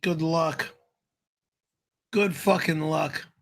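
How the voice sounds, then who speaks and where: A man hosting a live stream, cursing and quick to anger as he rants back at viewers. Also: steady tone, gravelly. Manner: cursing, quick-tempered, flies into high-pitched yelling. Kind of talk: irate live-stream rant.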